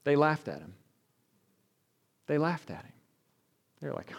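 A man's voice: fairly high pitch, slow pace, vocal fry. A male pastor giving a conversational sermon, often asking "right?" and acting out the people in the story. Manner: conversational preaching, asks the room "right?", animated retellings.

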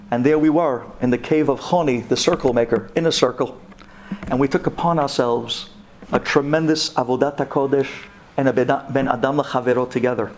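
A man, a rabbi, telling a story to an audience, animated and dramatic, sprinkling in Hebrew terms. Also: a little hiss or hum. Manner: animated, voice jumps up high for dramatic moments.

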